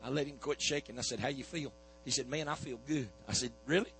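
A man's voice: mid-range voice, quick pace, fairly bright tone, slight background noise, rough recording. A man preaching a sermon, telling a healing story in a folksy back-and-forth of "I said, he said". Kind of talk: sermon testimony.

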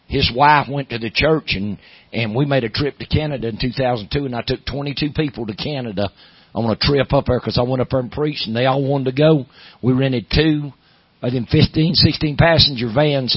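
A middle-aged man with a Southern accent, a pastor preaching a sermon, moving from low storytelling to loud, emphatic preaching. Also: breathy edge, no echo, dull audio.

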